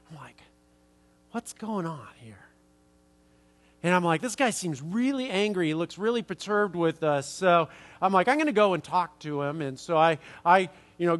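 A man's voice: high voice, a bit bright. A man preaching a sermon, rambling through a story with many fillers and restarts. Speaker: pastor. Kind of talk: sermon with anecdote.

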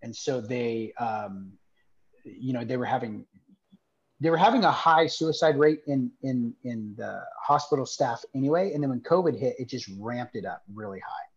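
A man's voice: mid-range voice, moderate pace. Man, nonprofit founder, earnest, rambling with fillers, slightly dull muffled sound. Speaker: nonprofit founder telling his story. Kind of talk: personal storytelling in a conversation.

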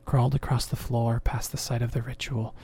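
A man narrating a horror story in a measured voice that sinks into whispers. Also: medium pitch, flat delivery, vocal fry, darkish tone, slightly rough. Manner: slow, measured, dropping to whispers.

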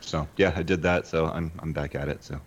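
Laid-back man with an extremely deep voice, hosting casual chat. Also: steady tone, a little fast, muffled recording, slight background noise.

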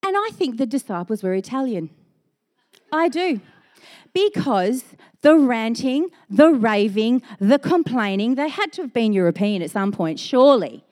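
A woman pastor giving a sermon, telling stories with self-mocking humor and animated asides. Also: on the high side, a little slow.

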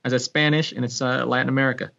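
A man, a sports broadcaster and former pro soccer player, telling a story in a casual podcast chat, with big pitch swings and frequent restarts. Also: flat delivery, racing, gravelly, sharp tone. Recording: dull lo-fi podcast audio.

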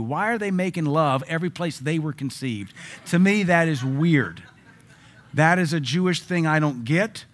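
A man's voice: a little high, expressive, normal speed. A man preaching a sermon, cracking jokes and dropping frequent amens between punchy points. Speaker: pastor.

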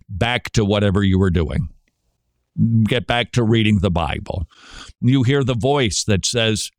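A man's voice: on the low side, moderate pace, no room sound, studio quality. A man hosting a christian radio talk show, preaching emphatically and asking rhetorical questions he answers himself. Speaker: radio host.

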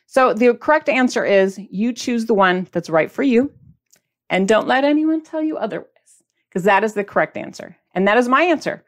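With a fairly high, animated voice at a moderate pace, the host of a diet podcast talks casually to her viewers. She poses questions, displays products mid-conversation, and mimics their responses for fun.

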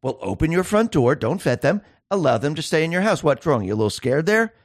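A man's voice: fairly high pitch, big pitch swings, fairly quick, no echo, studio quality. A man hosting a solo political commentary show, speaking emphatically and firing off sarcastic rhetorical questions.

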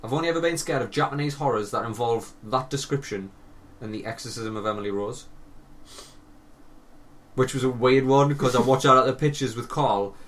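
A man's voice: medium pitch, a little fast, fairly bright tone. A young man, co-hosting a podcast and telling stories animatedly, swearing and laughing a lot. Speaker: podcast co-host. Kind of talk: casual chat. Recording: voice a bit distant from mic, faint hiss.

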